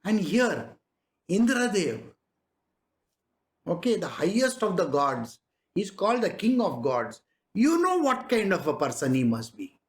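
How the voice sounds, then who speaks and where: A man's voice: high-pitched, wildly swooping pitch, unhurried, pauses often. A man giving a conversational spiritual discourse as a teacher, often asking rhetorical questions and chuckling.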